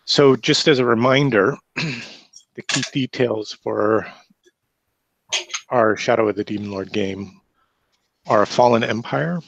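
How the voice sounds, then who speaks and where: A man's voice: mid-range voice, measured pace, creaky, a bit bright, dry recording, lo-fi sound. A man in a mid-range voice runs an online tabletop game as its game master, his voice coming over a video call. He recaps loosely and stops to fix his own words. The sound is dry and close. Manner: loose recap with self-corrections.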